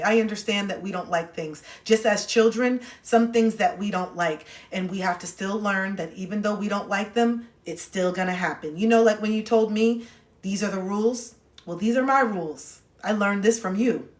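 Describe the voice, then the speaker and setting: A woman's voice: mid-range voice, normal speed. A young adult woman giving advice on a phone livestream, talking bluntly, directly and with sarcasm. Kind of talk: casual livestream advice talk. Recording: roomy echo.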